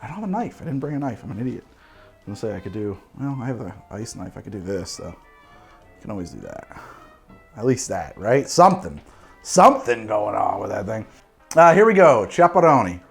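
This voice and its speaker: A man's voice: lowish voice, sing-song, normal speed, gravelly, husky, soft background music. A man hosting a cocktail show, chatting casually and rambling with restarts and self-deprecating jokes. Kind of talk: casual tasting commentary.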